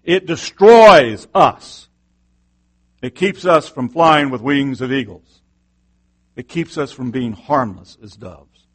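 A man's voice: medium pitch, slow pace, long pauses, breathy edge. A middle-aged male pastor preaching a sermon with passion, firing off rhetorical questions.

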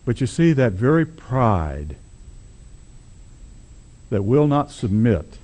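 A man's voice: medium pitch, very animated, slow pace, dark tone. A man preaching a sermon, telling a story in a conversational, wry and emphatic way.

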